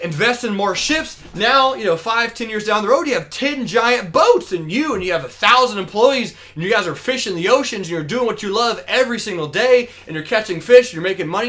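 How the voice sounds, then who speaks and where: A man voicing an eager middle-aged businessman who excitedly pitches growth plans in a storytelling lesson. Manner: excited, persuasive, piling up ideas. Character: eager middle-aged male businessman, pushy salesman type.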